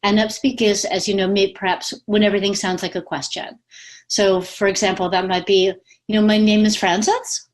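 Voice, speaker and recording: A woman speaking coach giving casual, lively advice from home over a video call, laughing easily. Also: medium pitch, fairly quick. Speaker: communication coach. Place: home with pets.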